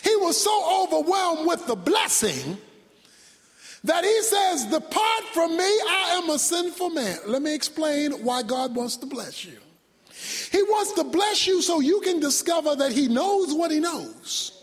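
A man preaching a sermon with dramatic delivery, shouting one moment and dropping low the next. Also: big pitch swings, unhurried, faint music behind. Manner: dramatic, shouting, sudden drops to near whisper. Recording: long hall reverb.

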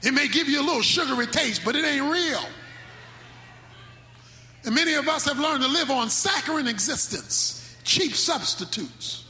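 High bright-voiced preacher in a hall. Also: male voice, animated. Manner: dramatic preaching, sudden shouts and slow drawn-out phrases. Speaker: pastor. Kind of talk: sermon. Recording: echoey hall with faint music.

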